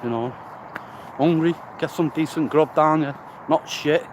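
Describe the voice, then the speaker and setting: Breathless on an outdoor walk, a man vlogging about recovery speaks into a phone he holds, rambling and blunt, swearing casually. His fairly high voice runs a little slow, and the recording picks up wind and birdsong.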